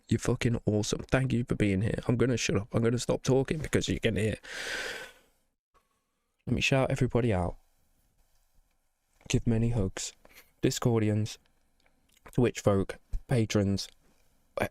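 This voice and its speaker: Still emotional after crying, this man closes his reaction video earnestly and encouragingly as the channel's host. His voice is fairly low and a little mellow, captured in studio quality with no echo.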